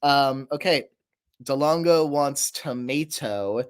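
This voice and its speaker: A man's voice: medium pitch, slow pace, clean tone. A young man chatting casually on a livestream, rambling and laughing at himself, his throat a little sore. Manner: rambling, laughing, self-deprecating. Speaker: streamer.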